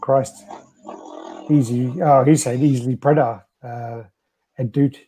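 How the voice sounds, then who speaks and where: A man's voice: mid-range voice, steady tone, measured pace, dark tone, husky, poor audio. A man hosting a casual livestream chat, chatty and teasing, putting questions to his co-host.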